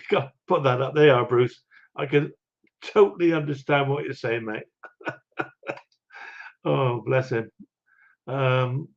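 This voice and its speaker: An older man hosting a live stream, chatting casually and chuckling while he greets viewers from the chat. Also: mid-range voice. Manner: chatty, rambling, chuckles often. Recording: dull lo-fi audio.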